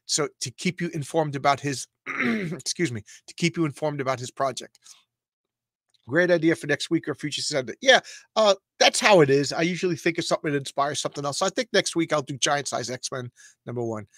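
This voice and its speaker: Excitable New man, dry close sound. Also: fairly high pitch, brisk, no echo. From Long Island, New York. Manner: excitable, stammering repeats, rambling asides. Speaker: comics show host. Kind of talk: casual comic read-through commentary.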